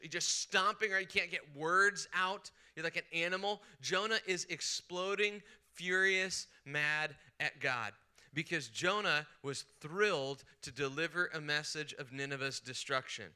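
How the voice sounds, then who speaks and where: A man, a pastor, preaching a sermon at a retreat, moving from quiet retelling to animated outbursts as he voices the angry prophet. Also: a little high, normal speed, clear, resonant tone. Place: retreat session hall.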